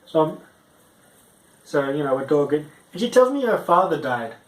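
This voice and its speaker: A young man doing a stand-up story, rambling and halting, with frequent restarts and fillers. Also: a little high, very animated, reverberant, poor audio. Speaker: stand-up comic.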